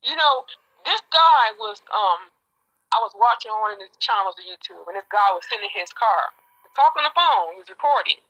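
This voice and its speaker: A woman's voice: medium pitch, lively intonation, a little fast, a bit bright, lo-fi sound. A woman chatting casually, telling long rambling stories full of fillers and restarts. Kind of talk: casual chat.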